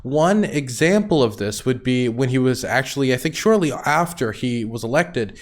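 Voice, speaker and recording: A man's voice: medium pitch, expressive, normal speed. A man hosting his channel, giving direct, explanatory commentary to camera. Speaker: host.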